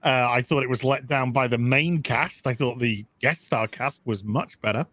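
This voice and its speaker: A man's voice: mid-range voice, moderate pace, fairly bright tone, no room sound. A man in casual chat as a podcast co-host, frank and opinionated, swearing freely. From England.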